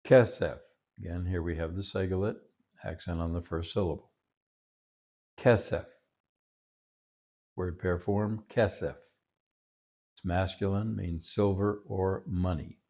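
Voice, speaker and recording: A man teaching a recorded Hebrew vocabulary lesson, patiently repeating each word slowly. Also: deep voice, flat delivery, dark tone, lo-fi sound.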